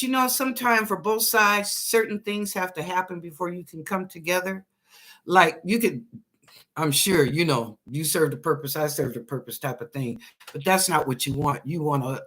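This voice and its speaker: A psychic reader hosting a live show, giving quick readings to viewers in a folksy, chatty, reassuring way and laughing often. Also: mid-range voice, a bit bright.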